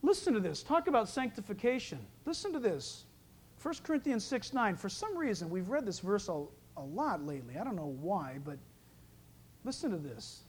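Lively joking preacher man. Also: extremely high pitch. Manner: lively, joking preacher who acts out voices. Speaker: pastor. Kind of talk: sermon.

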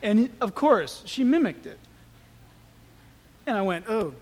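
A man preaching a sermon as pastor, telling stories in an animated way. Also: high-pitched, slow, husky. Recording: echoey hall with long reverb.

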